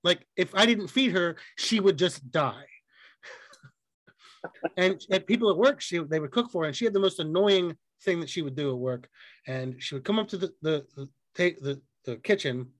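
A man with a fairly high voice co-hosts a casual podcast chat, recorded dry and close on the mic. He swears freely and tells animated stories, acting out the people in them. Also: fairly quick, dry recording. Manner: profane, animated storytelling with acted quotes. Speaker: podcast co-host.

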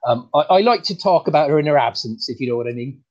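A man voicing a bumbling rural farmer comedian with a rural English accent, talking in a halting, stammering, folksy way. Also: on the high side, lively intonation. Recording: dull lo-fi sound.

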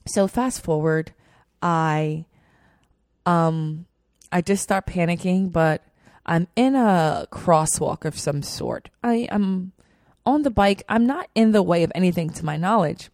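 Young woman rambling through a story, kinda low voice, dry close sound. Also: slow, no echo. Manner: animated, chatty, lots of fillers. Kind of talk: casual storytelling.

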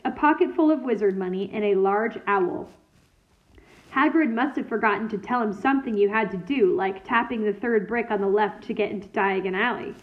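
A woman reading a children's novel aloud in a steady, clear storytelling manner. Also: on the high side. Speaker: reader. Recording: tinny phone-like sound.

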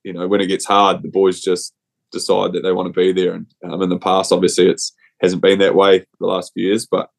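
A man's voice: low-pitched, monotone, fairly quick, vocal fry. A young man with a New Zealand accent and a cold, chatting in a rambling, slangy, laid-back way as a podcast guest. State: has a cold. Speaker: rugby player guest. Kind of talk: casual chat.

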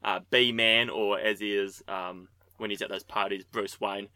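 A man's voice: lowish voice, fairly even intonation, measured pace, sharp tone, smooth, dry recording. A man with a New Zealand accent co-hosting a podcast, cheeky and jokey with plenty of slang. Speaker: podcast co-host. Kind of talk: casual banter.

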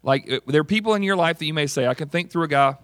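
A man preaching a sermon in a conversational, animated way, often putting questions to the congregation. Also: fairly high pitch, racing, dry recording, clean studio sound. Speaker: pastor.

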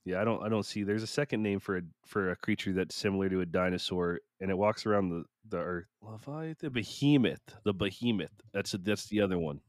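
A man's voice: low-pitched, a little fast, few pauses, dry recording, studio quality. A man, co-hosting a podcast in casual chat, rambling and poking fun at himself. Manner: rambling, self-mocking, acts out what he told himself. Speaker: podcast co-host.

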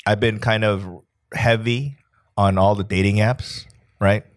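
Joking man in his forties, low voice. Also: fairly even intonation, measured pace, dry recording, studio quality. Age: 40s. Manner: joking, crude, self-mocking. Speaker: podcast co-host. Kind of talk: casual chat.

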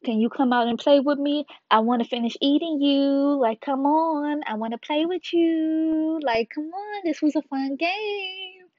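Playful menacing monster cat, put on by a woman, drawled and high, lo-fi and dry. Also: measured pace, hardly any pauses, dry recording. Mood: taunting. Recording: dull lo-fi dry sound.

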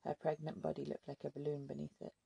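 A woman narrating an audiobook in a steady, measured way. Her voice is gravelly and husky, dark in tone, with a flat, even line. The sound is dry and close. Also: deep voice. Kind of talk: scripted narration.

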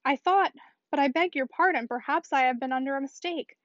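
Woman voicing a high-voiced, decided young lady, precise, dull lo-fi sound. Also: a little fast, no echo, natural voice. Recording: dull, dry lo-fi recording.

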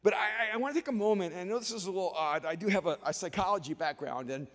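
High-voiced pastor preaching in a hall. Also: male voice, rapid-fire. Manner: storytelling, animated. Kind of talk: sermon with personal stories. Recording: long reverb of a large hall.

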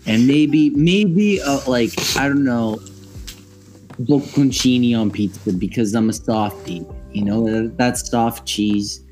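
A man's voice: mid-range voice, takes it slowly, a little mellow, soft background music. A man co-hosting a podcast in casual chat, playful and mock-offended. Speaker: podcast co-host.

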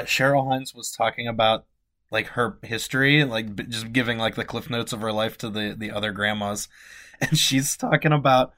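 Relaxed amused man on a podcast. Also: mid-range voice. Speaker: podcast co-host. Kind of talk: casual podcast chat.

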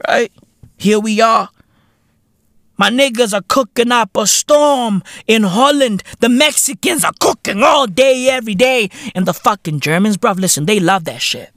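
A man hosting a podcast, delivering a profane, slang-heavy comedic rant that keeps bursting into shouts. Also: sits high, lively intonation, moderate pace, no room sound, clean studio sound. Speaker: podcast host.

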